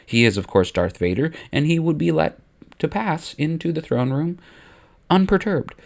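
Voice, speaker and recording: A man's voice: fairly high pitch, lively intonation, moderate pace, gravelly. A man hosting his own channel, narrating a comedic story in a casual, wry way.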